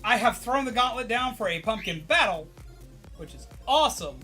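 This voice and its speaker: A man with a high, bright voice chats casually with his stream viewers at a moderate pace. He's excitable yet somewhat tired, cursing freely and laughing as he rambles. Soft music plays faintly in the background.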